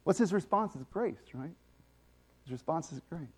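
A man preaching a sermon, emphatic, swinging between loud exclamations and quiet asides. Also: on the high side, animated, moderate pace, slightly rough.

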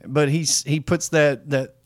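Co-host, male, slightly higher voice, jokey and quick to laugh, dry close recording. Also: fairly even intonation, no room sound. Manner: jokey, breaks into sing-song mimicry and laughs. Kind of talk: casual reaction chat.

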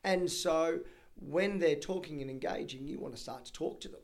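A man in his thirties with an Australian accent, a chatty, energetic auctioneer telling stories in a podcast interview. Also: fairly high pitch, normal speed, gravelly. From Brisbane, Australia. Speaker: auctioneer guest.

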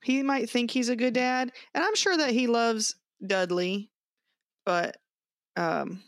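Lively woman podcast co-host. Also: fairly high pitch, no room sound, clean studio sound. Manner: animated, quick, laughs often. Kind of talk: casual chat.

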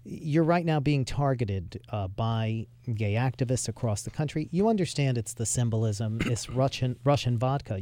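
Male talk-radio host, mellow dark tone, probing and persistent. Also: mid-range voice, animated, normal speed, few pauses, dry recording. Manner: pressing, probing questions. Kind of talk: radio interview.

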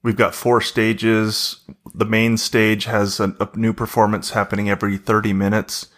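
A man with a low, level voice that barely rises or falls, appearing as a talk show guest. He describes his event plainly and matter-of-factly. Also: little pitch movement, normal speed, fairly bright tone. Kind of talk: casual interview.

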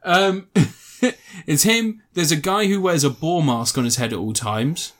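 Sweary, rambling young man, a bit high-voiced. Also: measured pace, fairly bright tone. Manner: rambling, sweary, laughs often, restarts sentences. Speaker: film reviewer. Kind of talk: casual chat.

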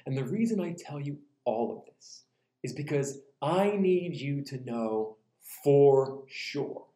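Animated preacher man, echoey room. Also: mid-range voice. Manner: animated, acts out quoted voices, slows for emphasis. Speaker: pastor. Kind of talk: sermon.

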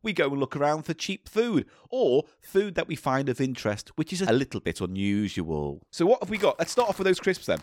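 A man co-hosting a casual comedy podcast, teasing his partner and swinging his pitch for comic effect. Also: big pitch swings, brisk, few pauses, dry recording. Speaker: podcast co-host.

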